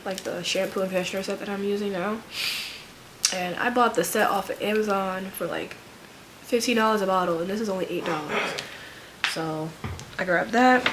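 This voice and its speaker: Over background noise, a medium-pitched woman chats casually about her shopping haul with a stuffy nose. She's a vlogger and full-time nurse, rambling in a relaxed way with many fillers.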